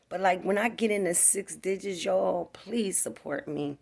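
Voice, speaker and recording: A woman's voice: on the low side, measured pace, creaky, a little mellow. A woman tells a casual, profane storytime to her viewers at home. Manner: profane, chatty, talks straight to viewers. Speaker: vlogger. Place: home, indoors.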